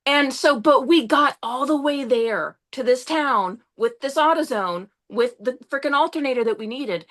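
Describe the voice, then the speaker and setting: A young woman, a podcast guest, tells a story in an animated, casual way, rushing along and swearing now and then. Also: sits high. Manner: excitable, swears often, rushes through the story.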